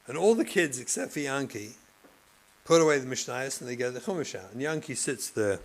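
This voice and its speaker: A man, a rabbi and therapist, giving a passionate lecture to educators, moving from loud emphasis to hushed speech. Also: mid-range voice, expressive, a little fast, poor audio. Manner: passionate, acts out classroom scenes, swings between loud and hushed.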